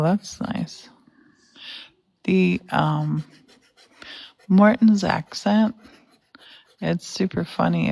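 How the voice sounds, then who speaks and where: Woman, slow relaxed chat, gravelly voice, dry close sound. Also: fairly low pitch, no room sound. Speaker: painting host. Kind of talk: casual chat while painting.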